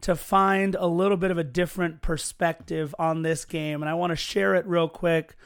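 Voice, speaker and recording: A man's voice: on the high side, level tone, normal speed, clean tone. A man co-hosting a casual sports podcast, telling stories in a chatty, earnest way. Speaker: podcast co-host.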